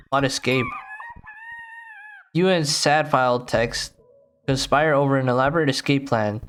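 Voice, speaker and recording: A man playing a game on video, reading its text aloud with casual, bemused commentary. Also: medium pitch. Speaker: gaming YouTuber.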